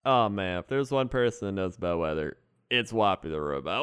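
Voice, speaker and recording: A man co-hosting a comedy podcast, laid-back and quick to laugh. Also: lowish voice, expressive, fairly bright tone, smooth, no room sound. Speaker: podcast co-host. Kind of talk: casual comedy chat.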